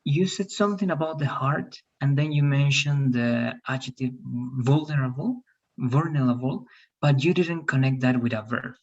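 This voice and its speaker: A teacher giving feedback and pronunciation drills in an online English class, patiently repeating words slowly. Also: mid-range voice, lo-fi sound.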